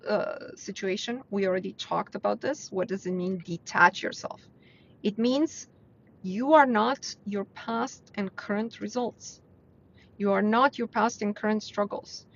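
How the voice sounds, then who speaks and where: A woman's voice: medium pitch, unhurried, a bit bright, a little hiss or hum. A woman hosting a live mindset talk, speaking bluntly and earnestly to her viewers and pushing her voice up to stress a point. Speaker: host of a weekly live mindset stream. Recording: dull lo-fi livestream audio.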